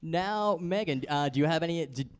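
A man's voice: on the high side, moderate pace, slight background noise. A man hosting a casual group chat, chatty, putting questions to his guests. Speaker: podcast host.

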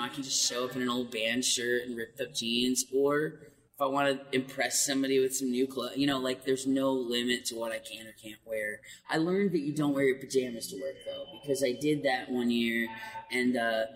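Light-voiced man telling animated stories. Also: big-room sound, rough recording. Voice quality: light, high male voice. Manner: animated, laughing, quick asides. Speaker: voice actor. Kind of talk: casual interview storytelling.

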